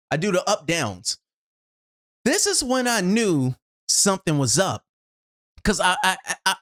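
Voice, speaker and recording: Lively, animated storyteller on shotgun mic. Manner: expressive, acts out own reactions, swings from loud to low. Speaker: video host. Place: home studio.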